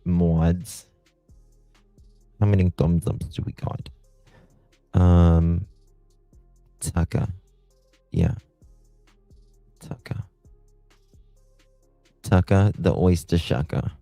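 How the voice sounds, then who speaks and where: A man's voice: sits low, level tone, drawn-out words, pauses often, dark tone, no echo, faint music behind. A man hosting a live stream, chatting sarcastically with his viewers. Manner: sarcastic, talks to chat viewers. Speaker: livestream host. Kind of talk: casual live-stream commentary.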